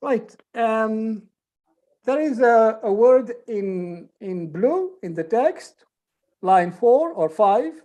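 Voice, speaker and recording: Slow, patient woman teaching English. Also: a little high, animated, warm tone. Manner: patient, repeats and spells out examples step by step. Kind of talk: online group English lesson.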